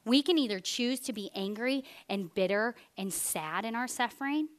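Woman, thirties, sermon, animated storytelling, fairly high voice. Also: normal speed. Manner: animated storyteller, drops to a hush for weighty points. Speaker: speaker.

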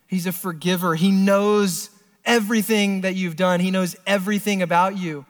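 A young man with a high, light voice preaches in an earnest, conversational way. His words ring with a long hall reverb, as in a large church. He drops to quiet lines and then rushes through asides. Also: steady tone. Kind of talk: sermon.

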